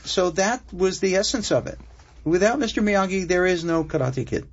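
A man's voice: sits high, lively intonation, moderate pace, crowd noise. An older man, a writer guest, telling stories expansively in an interview and laughing at himself. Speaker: screenwriter guest. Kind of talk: animated interview storytelling. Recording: muffled broadcast audio.

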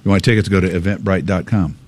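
A man's voice: low-pitched, quick pace. A man hosting a radio show, talking through a list of trivia in casual, joking banter. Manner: chatty, jokey, animated delivery.

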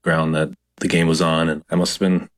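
A man with a low voice hosting a radio show. He reads a smooth announcer intro, then turns friendly and conversational with his guest. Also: monotone, brisk.

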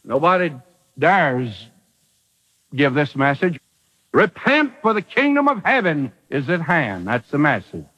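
A man's voice: fairly high pitch, fairly bright tone, highs cut off. A man preaching a dramatic sermon, acting out the quotes in the bible story.

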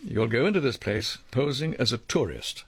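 An actor in a radio drama playing a measured, formal leader of a covert team. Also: male voice, mid-range voice, lively intonation, slightly rough, no echo.

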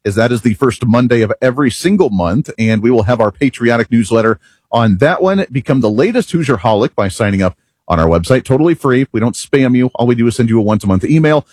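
Husky, opinionated talk radio host man. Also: medium pitch, fast, dry recording. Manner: opinionated, rhetorical, animated. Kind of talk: political talk radio monologue. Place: radio studio.

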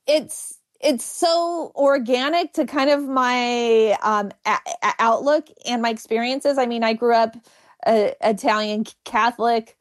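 A woman's voice: fairly high pitch, measured pace. A woman comedian who stutters, talking frankly and with self-mocking humor as a guest in an interview. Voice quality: stutters, with repeated sounds and blocks. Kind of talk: candid interview chat.

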